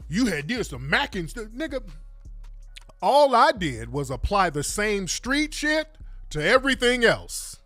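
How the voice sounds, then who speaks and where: A man's voice: sits high, very animated, unhurried, a bit bright, dry recording, faint music behind. A middle-aged man hosting a talk show, delivering an emphatic, profane, combative monologue full of rhetorical questions. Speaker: radio talk host.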